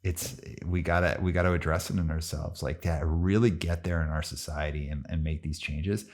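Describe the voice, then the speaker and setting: A man hosting a podcast interview, talking animatedly and mimicking imagined listeners. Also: a bass voice. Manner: animated, fast bursts, mimics imagined voices. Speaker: podcast host. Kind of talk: conversational interview.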